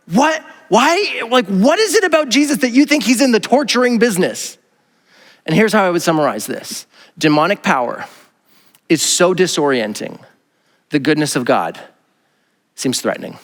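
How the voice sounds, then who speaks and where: A man, a pastor preaching a casual, animated sermon and acting out the voices he quotes. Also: on the high side, in a large hall. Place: church auditorium.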